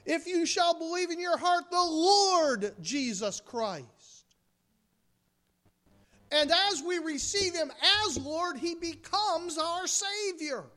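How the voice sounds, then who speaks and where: A woman's voice: very high voice, lively intonation, takes it slowly, fairly bright tone. A woman from the United States preaching a sermon, emphatic, with rhetorical questions and mocking asides.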